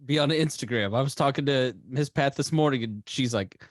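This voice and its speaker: A man's voice: mid-range voice, a little fast, dry recording, studio quality. A man co-hosting a comedy podcast, teasing and sarcastic in casual banter.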